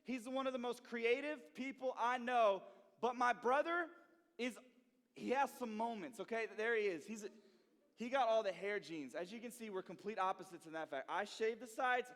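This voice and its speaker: A young man who interns at a church, telling a story to a youth group in an animated way and often checking in with "okay?" and "right?". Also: very high voice, moderate pace. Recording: long reverb in a hall.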